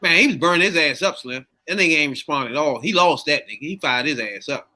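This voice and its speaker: A man hosting a casual podcast chat, telling the story in an animated way and steering the topic. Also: fairly high pitch, fast.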